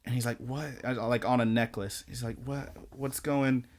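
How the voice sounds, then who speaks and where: Guy on a podcast going over anime episodes, mid pitch, rambles and quotes the characters. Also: moderate pace. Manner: rambling, animated retelling with quoted lines. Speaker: podcast co-host. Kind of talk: casual episode recap.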